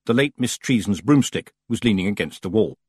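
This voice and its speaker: A man narrating a storybook aloud in an expressive storytelling manner. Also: lowish voice, fairly quick, slightly rough, no echo, studio quality. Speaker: audiobook narrator. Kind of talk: scripted narration.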